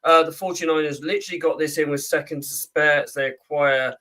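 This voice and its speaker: A man's voice: fairly high pitch, fairly even intonation, a little fast, bright, forceful tone, recorded from a distance, poor audio. UK male co-host, chatty news read, many fillers, sits back from mic. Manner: chatty, with frequent ums and uhs while reading. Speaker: podcast co-host reading the trade news. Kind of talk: casual chat.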